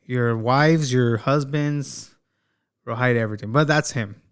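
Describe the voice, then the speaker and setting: Male commentary host, mid-pitched, clean resonant voice, casual slangy delivery. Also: measured pace, clear, resonant tone. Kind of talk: gossip commentary.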